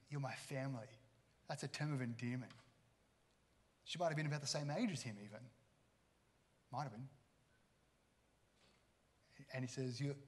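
A man's voice: mid-range voice, fairly even intonation, moderate pace, pauses often. A man, a pastor giving a conversational sermon and acting out the people in his stories. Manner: conversational, acts out quoted characters.

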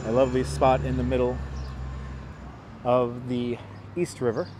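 A man's voice: medium pitch, monotone, unhurried, background noise. A man from New York hosting a live stream while walking outdoors, greeting viewers one by one in a casual, upbeat way on a clip-on mic. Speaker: live-stream host walking a city tour. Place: outdoors on city streets by a river. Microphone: wireless clip-on mic.

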